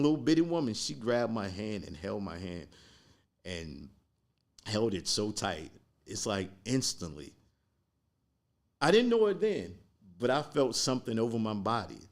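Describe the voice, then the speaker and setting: A man with a low, gravelly voice tells a personal story as a podcast guest. He speaks slowly and earnestly, taking his time over each part.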